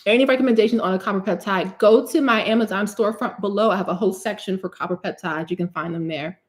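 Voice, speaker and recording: A woman's voice: mid-range voice, fast talker. Casting note: young New woman, chatty livestream host who laughs easily and answers comments. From Newark, New Jersey. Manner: warm, chatty, laughs often and jokes with viewers. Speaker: cosmetic chemist hosting a live hair-care Q&A. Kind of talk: casual livestream chat, reading comments.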